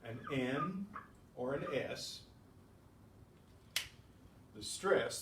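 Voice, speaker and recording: A man's voice: medium pitch, expressive, noisy background. Patient male teacher in an echoey room. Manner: patient, explains slowly with repeated examples. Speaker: Spanish teacher. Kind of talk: classroom lesson. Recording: echoey room, distant mic.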